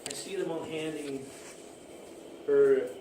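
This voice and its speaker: Man, casual storyteller, laughs a lot, mid-pitched, set back from the mic in an echoey space with steady background noise. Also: takes it slowly. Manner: rambling, laughs often at his own story. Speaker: storyteller recounting his own romance. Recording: roomy, distant mic, ambient noise.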